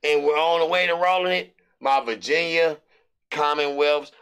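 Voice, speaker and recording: A middle-aged American man hosting a sports betting show, rambling loosely through his picks with hype and shout-outs. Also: fairly high pitch, steady tone, moderate pace, clear, resonant tone. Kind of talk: casual sports picks monologue.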